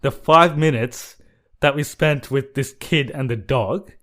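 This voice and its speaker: A man's voice: mid-range voice, measured pace, a bit bright. Blunt, critical male podcast co-host. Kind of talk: casual movie review chat.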